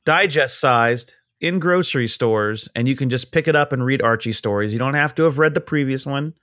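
A man's voice: medium pitch, moderate pace, a bit bright, no echo, studio quality. A man chatting casually on a podcast, telling sarcastic jokes and swearing freely. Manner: sarcastic joke-telling, profane. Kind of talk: casual chat.

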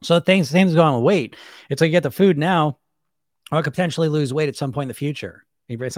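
A man's voice: fairly high pitch, fast, no echo, clean studio sound. A man coaching on weight loss in a casual live stream, talking animatedly and acting out the voices in people's heads. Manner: animated, acts out inner voices in shifting tones.

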